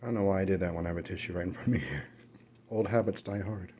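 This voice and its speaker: A man records a mukbang at home, eating and telling casual, rambling stories with fillers and self-corrections while dogs are nearby. His voice sits low and has a darkish tone, he talks fast, and there's slight background noise.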